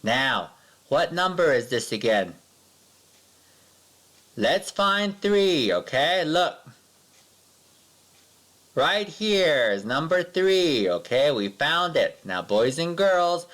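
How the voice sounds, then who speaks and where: A man teaching a math lesson to young children, patient and sing-song, counting along slowly with his pupils. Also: on the high side, very animated, fairly bright tone.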